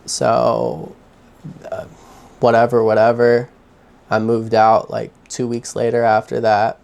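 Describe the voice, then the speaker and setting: A young man vlogging from his home, telling his own story in a candid, halting way with heavy sighs. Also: mid-range voice, monotone, vocal fry, a little mellow. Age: young adult. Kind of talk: personal confessional story.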